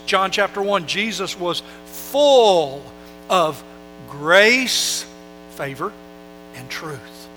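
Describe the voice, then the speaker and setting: A pastor preaching a sermon, building emphasis through rhetorical questions and scripture readings. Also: male voice, high-pitched, pushed and bright. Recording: long hall reverb with faint music. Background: faint music and mains hum.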